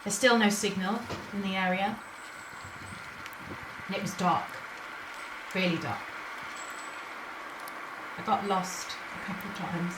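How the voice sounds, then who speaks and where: An actress playing a young wife who records a shaken video message to her mother, speaking softly and haltingly. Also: medium pitch, noisy background, natural voice. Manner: soft, hesitant, halting delivery with quiet dips. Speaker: actor in a short film. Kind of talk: dramatic monologue as a video message.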